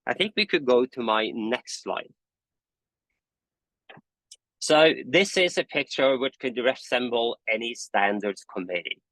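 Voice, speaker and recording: A man's voice: medium pitch, animated, fairly bright tone, no echo, rough recording. A man giving a conversational webinar presentation on a video call, now and then correcting himself mid-sentence. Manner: conversational, self-correcting, admits talking fast from coffee. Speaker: presenter, standards committee convener.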